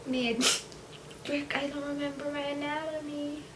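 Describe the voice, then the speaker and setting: Slow-talking young woman, distant mic. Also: high-pitched, echoey room. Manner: chatty, laughs often, drops to whispers. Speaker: book vlogger. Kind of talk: casual reading vlog. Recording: distant mic with steady background hiss.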